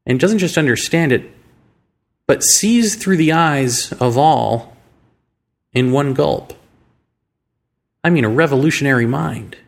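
A man hosting a show, talking through ideas in a musing monologue full of rhetorical questions and slow, deliberate phrasing. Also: medium pitch, animated, gravelly. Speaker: podcast host. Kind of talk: reflective monologue.

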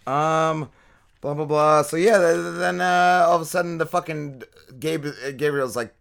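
Fairly high-pitched and creaky, with a fairly bright tone, this male co-host talks at a normal speed. His episode recap is loose and rambling, packed with curse words and fillers.

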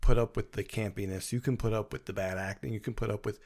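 A man co-hosts a relaxed podcast with his wife, his voice sitting a little on the low side. He is blunt and opinionated, swearing freely. He sounds worn out from recording late at night. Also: quick pace. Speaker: podcast co-host. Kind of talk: casual chat.

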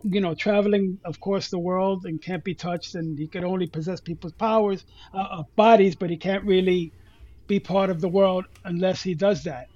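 A man with a noticeably high voice chats on a podcast, retelling a story in a loose, rambling way full of "you know" fillers. The sound is dry and a little dull. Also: a little mellow, no echo. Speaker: podcast co-host. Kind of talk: casual chat, retelling a comic story.

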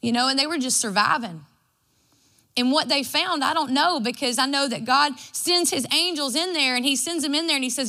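A woman gives a devotional sermon. Her voice is bright and pitched a little high. She tells homespun stories and acts out what she said along the way. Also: moderate pace. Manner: folksy and storytelling, acts out her own quotes. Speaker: preacher.

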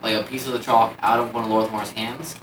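Bright-toned male player arguing his move. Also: on the low side, flat delivery, a little hiss or hum, poor audio. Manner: argues his case, quick bursts. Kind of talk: tabletop game play.

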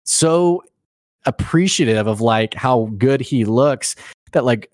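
A man recaps an episode in a loose, chatty way, tumbling through the story with plenty of ums and little laughs. His voice sits at an ordinary middle pitch. The sound is dry and close, with no room around it. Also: slow, no room sound. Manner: animated storytelling with fillers and laughs. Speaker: podcast co-host. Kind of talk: casual recap chat.

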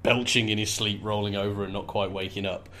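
A man's voice: on the low side, fairly quick. A man co-hosting a casual chat, joking and breaking into comic voices as he talks. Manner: animated, jokey, slips into comic voices. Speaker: podcast co-host.

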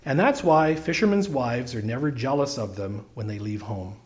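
Lively male storybook reader. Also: mid-range voice, moderate pace. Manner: expressive, wry, lively delivery. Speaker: narrator. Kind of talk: storybook reading.

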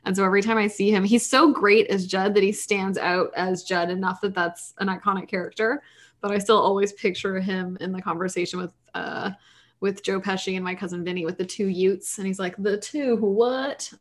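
A woman co-hosting a podcast, chatting casually about films in an animated, ranting way. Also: medium pitch. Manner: animated, ranting, quick asides and laughs. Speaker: podcast co-host. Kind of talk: casual movie chat.

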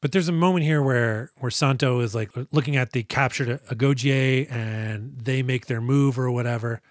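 A male podcast co-host recaps a movie in an animated, joking way and swears freely. His voice sits mid-range. The recording is dry and close. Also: medium pitch, moderate pace, dry recording. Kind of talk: casual movie review chat.

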